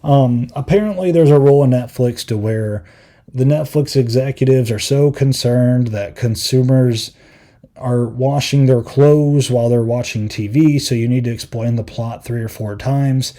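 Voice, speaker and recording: A man's voice: medium pitch, normal speed, mellow. A man hosting a podcast, giving a rambling, filler-heavy review in casual chat, exasperated and given to acting out quotes in mocking voices. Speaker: podcast host.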